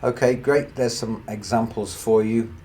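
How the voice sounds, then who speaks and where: Slow, deep-voiced male language teacher. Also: steady tone, mellow, a little hiss or hum. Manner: slow, careful explanations with Spanish examples. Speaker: Spanish teacher. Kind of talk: grammar lesson.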